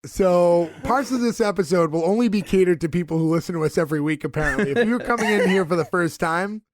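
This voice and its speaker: A man's voice: high voice, fast. A man co-hosting a podcast, casually recapping a TV episode with lots of fillers. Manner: conversational recapping with frequent fillers and laughs.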